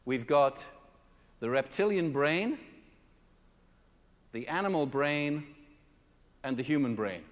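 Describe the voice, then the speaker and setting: A man's voice: slow, long pauses. A man giving a comedic storytelling talk to a live audience, acting out the people in his stories with big jumps in his voice. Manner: animated, acts out customers and staff with big pitch jumps. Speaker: keynote speaker. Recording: reverberant hall.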